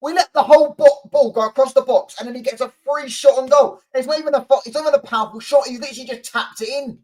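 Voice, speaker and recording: A man's voice: very high-pitched, fast, a little mellow, rough recording. A man hosting a football fan channel, ranting angrily and repetitively with lots of swearing. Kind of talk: angry fan rant to camera.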